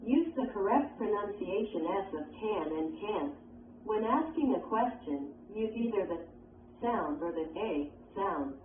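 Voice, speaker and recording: A woman's voice: medium pitch, lively intonation. Woman reading a lesson over a tinny line. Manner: measured, instructional delivery. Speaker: English textbook reader. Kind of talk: reading a textbook lesson aloud. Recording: tinny phone-like sound, distant, roomy, faint hiss.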